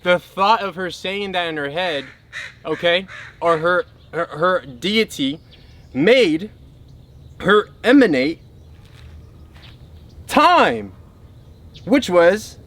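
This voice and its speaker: High-voiced man giving an emphatic spiritual talk. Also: big pitch swings, very slow, long pauses, a bit bright. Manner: emphatic, keeps checking in with the listener. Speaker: spiritual teacher.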